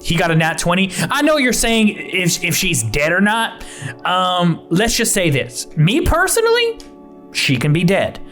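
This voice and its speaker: Young male game master, animated delivery, rambling and casual. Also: high voice, faint music behind. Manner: rambling, many fillers, quick laughs. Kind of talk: narrating a tabletop game.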